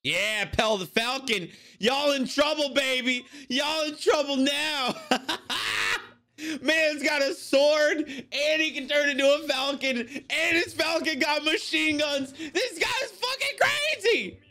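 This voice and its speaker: A man reacting to an anime episode in casual commentary, excitable and swearing, exclaiming at the screen. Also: very high-pitched, slow.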